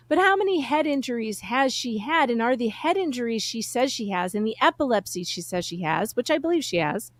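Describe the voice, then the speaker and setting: A woman joking her way through a live-stream chat, her pitch bouncing up and down. She keeps breaking into giggles mid-sentence. The sound is close and dry. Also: fairly bright tone, no room sound.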